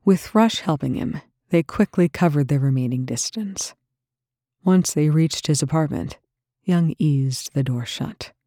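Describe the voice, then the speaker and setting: A narrator reading a tense story aloud in a steady, dry storytelling manner. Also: medium pitch, unhurried, no room sound. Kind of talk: scripted narration.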